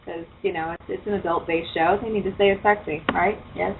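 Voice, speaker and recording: A woman's voice: on the low side, steady tone, a little fast, gravelly. A woman hosting a casual internet radio show. She talks loosely and swears often. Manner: loose, profane, chatty. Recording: tinny phone-like line with faint hiss.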